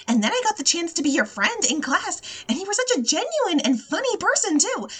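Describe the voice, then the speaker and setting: A woman voicing a shy, bubbly young woman in love, speaking high and excitedly. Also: moderate pace, exaggerated voice. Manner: high, excited, breaking into laughter.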